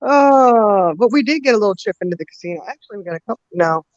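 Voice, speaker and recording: A woman's voice: mid-range voice, a little hiss or hum. A woman hosting a casual chat, telling a long story with lots of fillers and laughter. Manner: lively, laughing, drawn-out storyteller with many fillers. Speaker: host. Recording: dull lo-fi dry sound.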